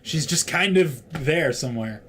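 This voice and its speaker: A man's voice: a little high, lively intonation, measured pace, a bit bright, husky. A young man co-hosting a casual let's-play, joking and swearing wryly. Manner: profane, joking and wry. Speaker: gaming co-host.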